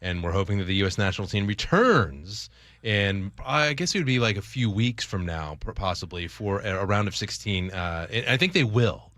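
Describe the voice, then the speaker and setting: Bright, excitable male radio reporter. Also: on the low side, normal speed, dry recording. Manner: excited, storytelling. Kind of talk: radio talk show. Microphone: studio mic.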